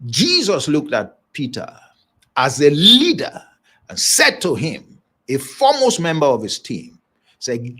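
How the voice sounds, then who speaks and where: Lively, emphatic male leadership speaker. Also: a little high, a little slow, breathy edge. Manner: emphatic preaching delivery with chuckles; repeats phrases for emphasis. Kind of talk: motivational broadcast talk.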